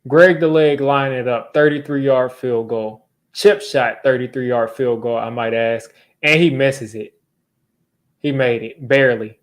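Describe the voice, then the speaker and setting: A man's voice: medium pitch, fairly even intonation, a little slow. A young man hosting a sports fan channel, ranting in exasperation during a live football reaction, repeating himself as he vents.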